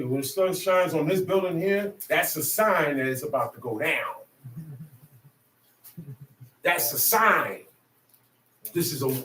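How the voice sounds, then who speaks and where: A man's voice: fairly high pitch, a bit bright. A man preaching and teaching his listeners, firing rhetorical questions at them in a colloquial, emphatic manner. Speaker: street preacher. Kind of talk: call-and-response teaching. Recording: echoey, distant mic with faint ambient noise.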